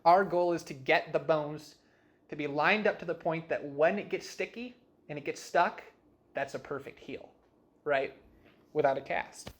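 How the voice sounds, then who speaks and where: Animated young man telling his story. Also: on the high side, normal speed. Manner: animated, full of fillers like "like" and "you know what I mean"; acts out quoted dialogue in shifting voices. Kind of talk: casual storytelling.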